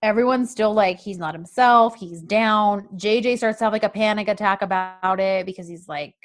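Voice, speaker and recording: A woman co-hosting a casual chat, retelling scenes in an animated way and acting out the quotes. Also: medium pitch, moderate pace. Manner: chatty, animated retelling with acted-out quotes and laughs. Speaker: podcast co-host recapping a TV drama.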